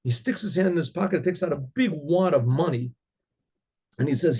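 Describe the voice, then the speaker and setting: Man, rabbi, halting storyteller, clears throat often, husky voice, dull lo-fi recording. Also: a little high, dark tone. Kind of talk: oral storytelling.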